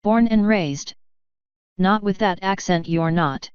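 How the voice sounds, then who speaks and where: A woman voicing a calm, contemptuous male courtier who speaks in a cutting tone. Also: medium pitch, takes it slowly, smooth, no echo, lo-fi sound, close to an everyday voice. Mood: cold.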